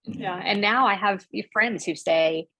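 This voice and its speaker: A woman's voice: mid-range voice, unhurried, bright, forceful tone, no room sound, poor audio. A woman guest on a podcast, speaking earnestly and encouragingly, repeating her point for emphasis. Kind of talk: casual conversation.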